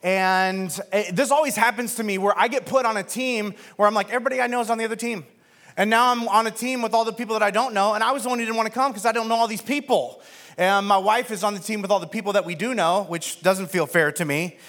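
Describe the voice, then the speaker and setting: A high-voiced male pastor talks fast as he preaches, telling a comic story about himself. He acts out the other people's lines along the way, and his delivery is animated, lively and self-mocking.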